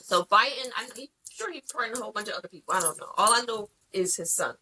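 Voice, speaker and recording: A woman co-hosting a podcast with a lively, swooping delivery and a bright, forceful tone. She talks bluntly and drops profanity easily, telling stories in a loose, casual chat. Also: medium pitch, fast talker, a little hiss or hum, low-quality recording. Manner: blunt, profane, animated storytelling. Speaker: podcast co-host.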